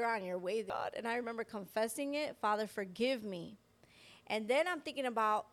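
A woman co-hosting a Christian podcast, telling a personal testimony in a lively way and acting out the voices of the people in her story. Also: fairly high pitch. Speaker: podcast co-host. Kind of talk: personal faith testimony in casual chat.

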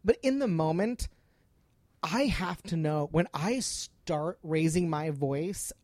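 A woman's voice: sits low, expressive, takes it slowly, a little mellow, no room sound. A woman speaking on a podcast in an earnest, emphatic way, often repeating herself. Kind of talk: casual podcast chat.

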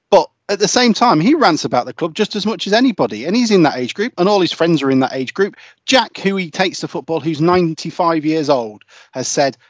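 A man's voice: a little high, no room sound, lo-fi sound. A man hosting a casual football podcast, ranting and swearing in exasperation. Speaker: podcast host.

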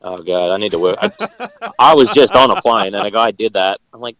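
A man appearing as a podcast guest, casual and animated, laughing as he talks. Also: on the low side, fairly quick, rough recording. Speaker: guest, company founder. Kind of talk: casual interview.

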